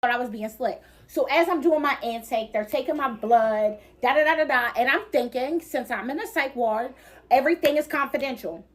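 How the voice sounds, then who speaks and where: A woman telling a personal storytime in a casual, low-key confessional way. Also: moderate pace.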